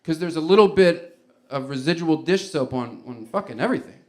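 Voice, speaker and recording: Guy doing standup, wandering musings, slightly high voice, cusses a lot. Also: expressive, brisk. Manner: rambling, incredulous musing, swears. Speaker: stand-up comedian. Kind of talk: stand-up set.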